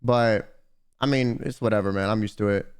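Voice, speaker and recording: A young man streaming, telling stories in casual, profane, animated chat. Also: lowish voice, moderate pace, smooth.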